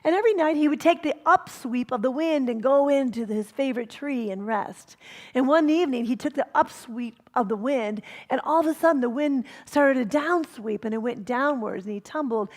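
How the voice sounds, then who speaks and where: Animated woman minister telling stories. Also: high voice, normal speed. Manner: animated, warm storytelling with laughter. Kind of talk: storytelling sermon. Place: church center.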